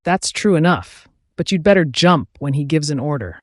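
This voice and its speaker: A man's voice: on the high side, animated, moderate pace, no echo, clean studio sound. A man voicing a shabby, scarred old sailor who rambles ominous warnings in a cryptic, mocking way.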